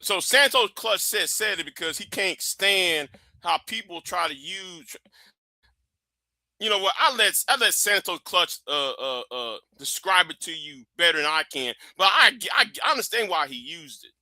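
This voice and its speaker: A man ranting on his livestream in a high, very bright voice. He is blunt, profane and emphatic, and the sound is dry and close. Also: animated, moderate pace, dry recording. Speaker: livestream host. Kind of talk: heated commentary rant.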